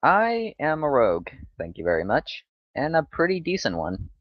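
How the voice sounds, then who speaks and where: A man's voice: fairly high pitch, huge pitch swings, moderate pace, dull audio. A man playing a tabletop game, speaking as his rogue, a bit sarcastic. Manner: slightly sarcastic. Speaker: player. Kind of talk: in-character tabletop role-play.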